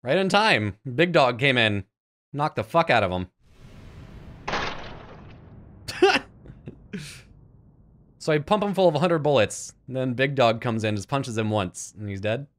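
A man commentating a video game playthrough, frustrated and swearing in loud outbursts. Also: medium pitch, lively intonation, normal speed. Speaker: gaming YouTuber. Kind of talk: let's play commentary.

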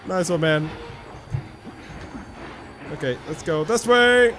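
Excitable young man with a lively, high voice. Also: slow, slight background noise. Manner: jokey and excitable, shouting when chased. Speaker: gameplay commentator. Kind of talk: casual let's-play commentary. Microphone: close desk mic.

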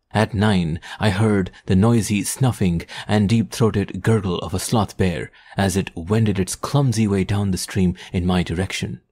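A man narrating an adventure audiobook in a measured, descriptive storytelling manner. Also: on the low side, mellow, slightly rough. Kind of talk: scripted narration.

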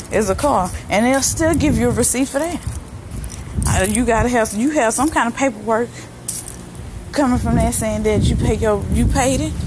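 A woman vlogging while she walks outdoors, venting bluntly in colloquial slang with heavy swearing, recorded on a phone she holds. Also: fairly high pitch. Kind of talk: casual venting while walking. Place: outdoors, walking around an apartment complex. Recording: outdoor phone recording with clear ambient noise.

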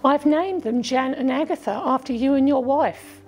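A woman voicing a frightened orphan girl who rushes and pleads, as a storybook narrator. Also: sits high, vocal fry, darkish tone, a little hiss or hum, pitched above the performer's own voice. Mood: anxious.

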